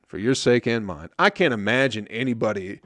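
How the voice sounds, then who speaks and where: A man's voice: medium pitch, expressive, a little fast, a bit bright, dry recording. A young man hosting a podcast, rambling in casual chat with lots of swearing and wry self-mockery. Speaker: podcast host. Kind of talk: casual solo podcast rant.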